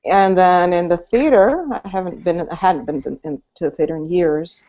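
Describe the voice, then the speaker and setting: A woman's voice: lowish voice, moderate pace, warm tone. A woman co-hosting a casual movie podcast, rambling with many fillers and restarts over a video call. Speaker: podcast co-host. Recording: dull lo-fi audio.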